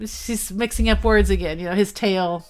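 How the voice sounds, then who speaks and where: A woman co-hosting a podcast, reading a classic story aloud slowly and carefully, stopping to explain wordplay. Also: medium pitch, fairly even intonation. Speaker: podcast co-host.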